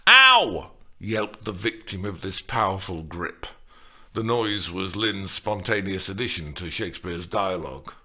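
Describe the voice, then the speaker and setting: A man reading a comic novel aloud as an audiobook, with wry, expressive delivery. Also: low voice, a little slow. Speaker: audiobook narrator. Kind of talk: audiobook narration.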